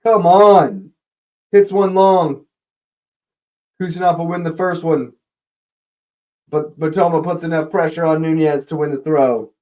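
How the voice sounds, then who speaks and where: Excitable fan commentating a live match. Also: male voice, on the high side, measured pace, long pauses. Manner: excitable, shouts at big moments. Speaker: fan watch-along host.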